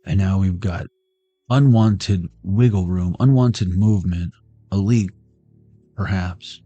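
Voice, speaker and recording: Male tarot reader, lowish voice, joking and tangential, faint music underneath. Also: slow, warm tone, husky, no room sound. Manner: jokey, tangential, talks to viewers. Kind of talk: casual rambling tarot reading.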